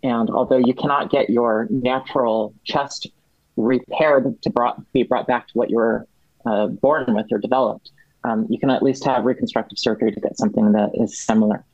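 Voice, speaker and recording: A man on as a guest, explaining policy at length in a halting way, with many restarts and fillers. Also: mid-range voice, fairly even intonation, no echo, muffled recording. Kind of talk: explaining policy in a podcast chat.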